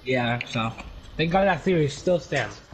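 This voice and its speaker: A man's voice: mid-range voice, animated, measured pace, noisy background. A young man in casual game chat who mocks his friends, laughs easily and swears. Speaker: gamer teammate.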